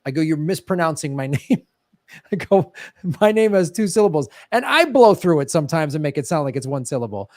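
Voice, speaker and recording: A man's voice: on the high side, lively intonation, a little fast, dry recording, studio quality. A man from Chicago with a Chicago accent, co-hosting a podcast and telling stories in casual chat, laughing often. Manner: chatty storyteller, laughs often. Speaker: podcast co-host.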